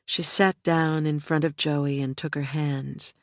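An audiobook narrator giving measured, scripted narration. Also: medium pitch, little pitch movement, dry recording, studio quality. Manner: measured, unhurried reading.

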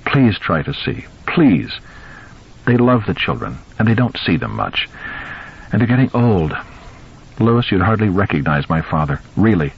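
A man's voice: low voice, very animated, measured pace, creaky, breathy edge, dull audio, full character voice. A man doing a tired, pleading mother. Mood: strained. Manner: pleading, anxious. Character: tired, fraught young mother.

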